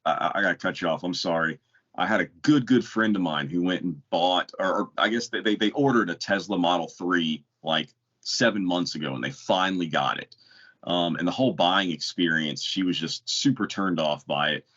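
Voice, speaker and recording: A man's voice: deep voice, moderate pace, a bit bright. A man co-hosting a casual podcast, telling a story bluntly and rambling with restarts. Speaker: podcast co-host. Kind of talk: casual chat. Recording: dull lo-fi podcast audio.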